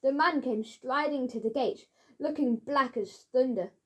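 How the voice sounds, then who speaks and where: A woman with a high voice reads a children's mystery aloud. Her narration is steady and clear, in a plain storytelling manner. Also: unhurried.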